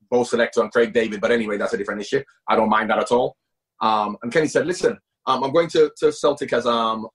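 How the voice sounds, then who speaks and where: Husky-voiced man, emphatic interview guest. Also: medium pitch. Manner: emphatic, repeats himself, animated. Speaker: guest, former footballer and coach. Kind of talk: conversational interview.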